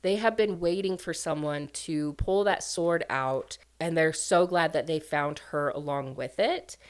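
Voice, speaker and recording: Low-voiced chatty woman. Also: a little slow. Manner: chatty, filler-heavy, lots of "like" and "um". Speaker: book reviewer. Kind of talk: casual plot recap.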